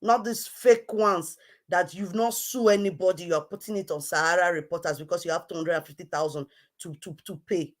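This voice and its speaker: A woman's voice: on the low side, steady tone, fairly quick. A woman hosting an online show, scolding someone in a heated, repetitive rant. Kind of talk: heated live-stream rant.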